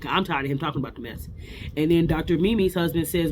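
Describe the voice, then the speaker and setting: A woman's voice: low-pitched, quick pace, darkish tone, slight background noise. A woman hosting a casual reality TV recap. She talks bluntly and fierily, with slang and lots of repetition.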